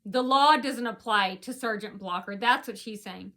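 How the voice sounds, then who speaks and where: A woman's voice: on the high side, moderate pace, few pauses, pushed and bright. A woman vlogger telling a personal story in an indignant, rambling rant, often repeating herself.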